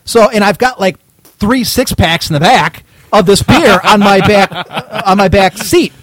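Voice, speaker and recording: A man with a slightly raised voice tells a rambling story at an easy, chatty pace. He sounds animated and laughs now and then. The sound is dry and close, with no room around it. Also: sits high, measured pace, no echo. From Cleveland, Ohio. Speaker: show host. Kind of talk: casual storytelling chat.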